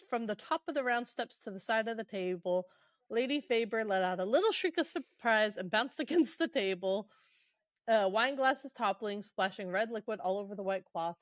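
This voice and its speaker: A woman's voice: medium pitch, dry recording, studio quality. A woman hosting a podcast, casually recapping a book in a chatty, irreverent way, swearing and laughing along. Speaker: podcast host.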